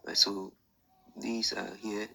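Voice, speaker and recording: A man's voice: on the low side, flat delivery, slow, vocal fry, pushed and bright, low-quality recording. A man teaching an online lesson, explaining step by step in a patient, repetitive way and thinking aloud with fillers. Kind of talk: screen-share lesson explanation.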